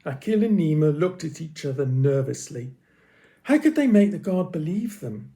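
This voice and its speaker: A man reading a children's story aloud with expressive, dramatic pauses. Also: fairly high pitch.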